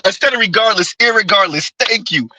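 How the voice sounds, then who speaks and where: Male livestream host, bright and slightly high, rambling and repetitive, laughs a lot, dry close sound. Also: breathy edge, no room sound, rough recording. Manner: rambling, repeats himself, laughs often. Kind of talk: casual live chat reading comments.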